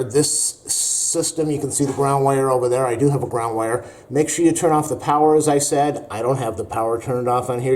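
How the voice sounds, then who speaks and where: Casual man with a mellow voice. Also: mid-range voice. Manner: casual, rambling, with frequent fillers. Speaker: DIY video host. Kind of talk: home improvement how-to.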